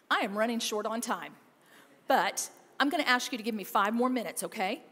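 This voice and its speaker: A woman pastor preaching a sermon, emphatic, moving between loud urging and quiet, intimate passages. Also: fairly high pitch, lively intonation, moderate pace. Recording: long reverb of a church hall.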